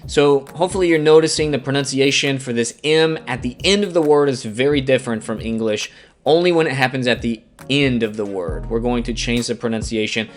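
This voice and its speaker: A man's voice: mid-range voice, brisk. A man from Alabama with a Southern American accent, teaching a beginner language lesson patiently, spelling out words and repeating examples. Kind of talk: scripted beginner grammar lesson. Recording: faint guitar music underneath.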